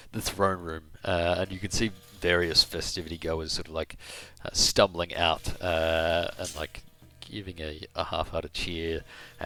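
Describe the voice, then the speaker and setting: Brief: a deep-voiced male game master narrating a fantasy scene with halting, filler-heavy delivery. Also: a bit bright.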